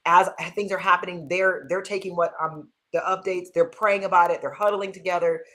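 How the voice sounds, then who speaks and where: A woman's voice: on the low side, fairly quick. A woman, a pastor, chatting casually and animatedly, often saying "like" and talking straight to the viewers. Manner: animated, uses "like" often, speaks to viewers directly. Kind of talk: casual chat.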